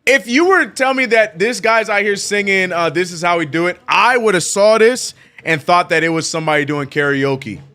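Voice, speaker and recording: A man hosting a live sports watch-along, chatting casually and excitably with lots of slang and repeated "bro". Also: high voice, moderate pace, few pauses, clean tone. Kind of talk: casual live-stream chat.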